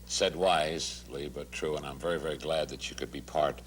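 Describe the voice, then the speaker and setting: A man's voice: a bass voice, steady tone, moderate pace, slight background noise. An older man hosting a comedy talk show, bantering and questioning his guest in a showbiz manner.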